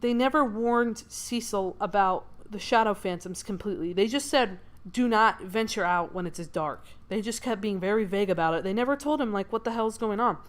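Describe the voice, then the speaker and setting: A woman's voice: mid-range voice, brisk, hardly any pauses. Rambly woman telling a dream story. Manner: rambling, lots of "like" fillers, excitable. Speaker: streamer. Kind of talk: casual storytelling while doodling.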